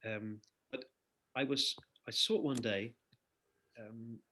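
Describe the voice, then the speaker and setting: An older man, a singer-songwriter guest in an interview, telling lively anecdotes and laughing between phrases. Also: medium pitch, takes it slowly. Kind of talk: conversational interview storytelling.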